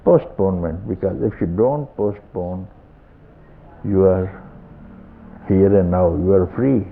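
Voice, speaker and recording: An older man with an Indian English accent giving a slow, repetitive satsang talk as a spiritual teacher, often chuckling softly. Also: low voice, gravelly. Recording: tinny lo-fi archival tape.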